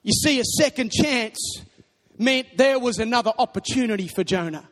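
High-voiced man preaching in a hall. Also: moderate pace. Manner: animated storytelling, bursts into shouting. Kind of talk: sermon. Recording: long reverb of a large hall.

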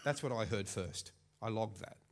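A man in his fifties with an Australian accent preaching a sermon in a church, lively and joking, often repeating words for emphasis. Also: lowish voice, normal speed. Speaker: pastor.

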